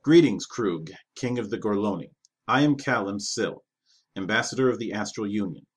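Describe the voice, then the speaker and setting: A man's voice: fairly low pitch, lively intonation, normal speed, slightly rough. A man voicing a nervous male ambassador who speaks formally and tries to sound commanding. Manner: formal, stiff, strained authority. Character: nervous male space ambassador forcing authority.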